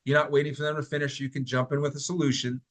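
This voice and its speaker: A man's voice: a little high, level tone, very fast. A man presenting a workplace training workshop in a conversational way, often asking his listeners questions. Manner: conversational, asks the audience questions. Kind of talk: recorded training talk.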